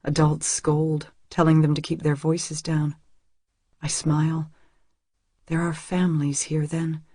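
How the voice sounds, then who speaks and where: A woman's voice: sits low, monotone, a little slow, dark tone, slightly rough, no room sound. A woman narrating a first-person audiobook in an intimate, emotional reading on a close studio mic.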